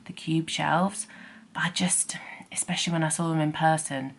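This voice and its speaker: A woman's voice: low-pitched, fairly even intonation, moderate pace, a little hiss or hum. A woman in her thirties vlogging at home in a chatty, self-deprecating way, sometimes dropping to a whisper. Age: 30s. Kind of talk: casual vlog chat.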